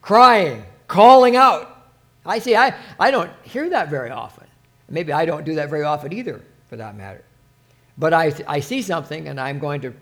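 A man preaching an informal sermon, reading scripture with rising fervor between halting, earnest asides. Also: a little high, fairly bright tone.

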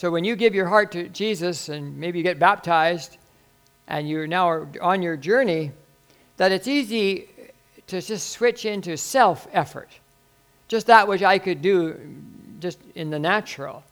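Older pastor preaching, folksy and rambling. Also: male voice, sits high, measured pace, a bit bright, clear, resonant tone. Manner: folksy, rambling with self-deprecating humor. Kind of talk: sermon.

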